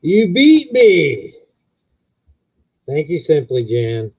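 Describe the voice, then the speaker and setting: A man's voice: wildly swooping pitch, drawn-out words, a little mellow, husky. A middle-aged man co-hosting a casual live stream, rambling about his dogs and thanking viewers. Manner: rambling, talks in high baby voice to dogs. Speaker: livestream co-host. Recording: muffled phone-like audio.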